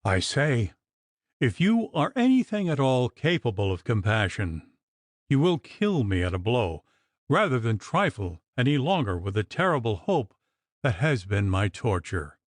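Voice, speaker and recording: A man voicing a desperate, agitated young gentleman in an audiobook, with a piercing, trembling, pleading voice. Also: mid-range voice, very animated, measured pace, no echo, clean studio sound. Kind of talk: audiobook character reading.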